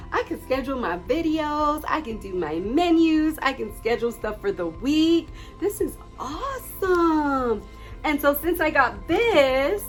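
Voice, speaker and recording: Gushing woman with a lively voice. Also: a little high. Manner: gushing, excitable, addresses viewers as friends. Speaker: craft vlogger. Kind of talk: casual haul video.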